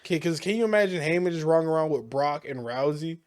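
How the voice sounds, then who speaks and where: A man's voice: fairly high pitch, expressive, fast, dry recording, clean studio sound. A man co-hosting a podcast, chatting casually about wrestling, rambling with lots of fillers and restarts. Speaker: podcast co-host.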